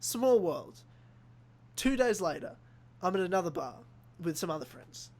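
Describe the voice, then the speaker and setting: Young aussie guy, high voice, animated storytelling, swears a lot, acts out what people said. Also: measured pace. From Australia. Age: young adult. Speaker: podcast host. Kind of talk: casual chat.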